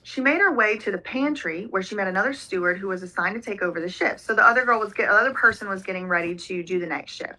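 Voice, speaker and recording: A woman's voice: mid-range voice, fast, few pauses, bright, forceful tone, low-quality recording. A woman hosting a reaction video, casually reading a document aloud and commenting on it with lots of fillers. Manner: conversational, reads documents aloud with frequent fillers. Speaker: reaction channel host.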